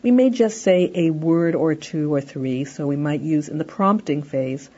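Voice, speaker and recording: In this lo-fi recorded lecture, a parenting educator talks through steps in a conversational way, peppering her speech with "you know." Her voice is deep, husky and warm, and she speaks a little slowly.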